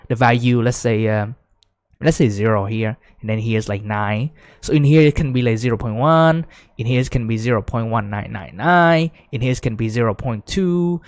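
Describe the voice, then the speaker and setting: A man giving a casual whiteboard lecture, full of fillers like "right?", growing excited as he explains. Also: mid-range voice, dry recording. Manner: chatty, many fillers, rising excitement when explaining. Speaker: teacher.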